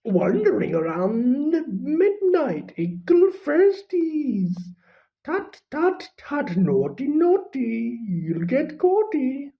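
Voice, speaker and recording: Peeves, a shrill poltergeist. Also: sing-song, takes it slowly, vocal fry, full character voice. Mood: taunting. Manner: singsong, taunting. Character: mischievous cackling male poltergeist. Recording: slightly muffled recording.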